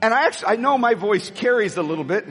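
A man preaching a sermon as pastor, rousing the congregation to shout and praise. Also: high voice, expressive, fast talker. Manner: rousing, calls the crowd to shout. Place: church sanctuary. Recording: long hall reverb with soft music.

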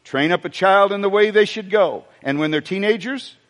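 A high-pitched male pastor preaches at normal speed to a congregation gathered in a church sanctuary. Lively and funny, he tosses out asides and questions to the room, and the audio has a long hall reverb.

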